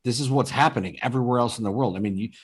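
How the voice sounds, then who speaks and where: A man's voice: mid-range voice, very fast, husky. A man in casual political chat on a video call, earnest and full of fillers, repeating himself for emphasis.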